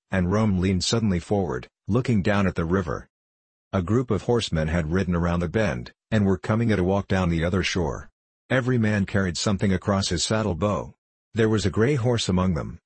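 A man narrating a novel aloud in a measured, unhurried storytelling manner. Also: sits low, husky, dry recording. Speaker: audiobook narrator.

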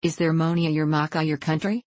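A plain-spoken mill hand talks in thick dialect as a woman reader voices him. The sound is dry and close, with a low-pitched voice. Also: steady tone, fast talker, darkish tone, no room sound. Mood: curious. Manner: broad dialect speech.

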